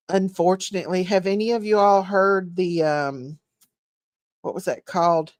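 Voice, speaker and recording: A woman's voice: lowish voice, steady tone, normal speed, darkish tone, no room sound, clean studio sound. A woman hosting a casual livestream, chatting, laughing and greeting viewers by name. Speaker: livestream host.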